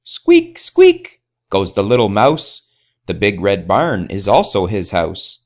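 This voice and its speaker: A man's voice: low-pitched, animated, a little slow. A man narrating a rhyming children's story in a playful sing-song way. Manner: sing-song, playful, imitates animal sounds.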